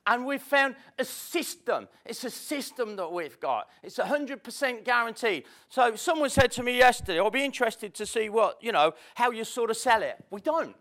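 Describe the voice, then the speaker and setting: High, lively man giving a seminar talk. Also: moderate pace, few pauses. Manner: chatty, self-mocking, spontaneous storyteller. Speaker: motivational speaker. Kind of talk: live seminar talk to an audience. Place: seminar room with audience. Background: audience laughter.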